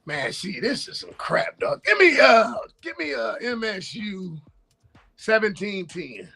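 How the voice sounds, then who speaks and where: A man's voice: sits high, sing-song, a little slow, gravelly, sharp tone, husky, faint music behind. A man co-hosting a casual sports talk show, playfully boasting and trash talking to the audience.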